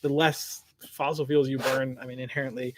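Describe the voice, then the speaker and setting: A man co-hosting a casual livestream Q&A, talking in an animated, slangy way and often repeating his words. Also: medium pitch, normal speed, a little hiss or hum. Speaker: co-host answering viewer questions.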